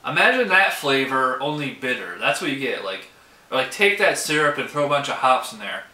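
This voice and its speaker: Bright-voiced man rambling through a beer review. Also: medium pitch, big pitch swings, a little fast. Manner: rambling, heavy use of "like" and "um". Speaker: beer reviewer, show host. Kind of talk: casual beer tasting review. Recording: roomy echo.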